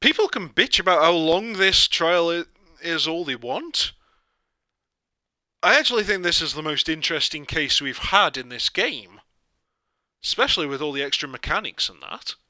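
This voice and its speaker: A man's voice: on the high side, expressive, normal speed, bright, forceful tone, no room sound, studio quality. Chatty man commenting on a game. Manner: chatty, swearing, laughing often. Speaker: let's play streamer. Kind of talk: casual let's play commentary.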